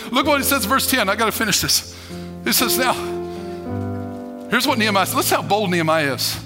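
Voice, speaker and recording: A male pastor preaching a sermon to a congregation, emphatic and animated, laughing as he goes. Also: sits high, brisk, faint music behind.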